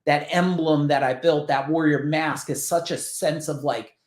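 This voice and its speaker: A man's voice: a little high, steady tone, measured pace, echoey room. A man from New Jersey, a business founder telling earnest stories as a podcast guest, swearing casually. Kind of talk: emotional storytelling.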